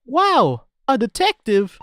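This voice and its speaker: A woman puts on a keen little boy apprentice, bright and excitable. The voice jumps high and swoops wildly. She reads him aloud over a game. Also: slow, slight background noise, exaggerated voice. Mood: excited. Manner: excited and exclamatory. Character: eager young boy apprentice.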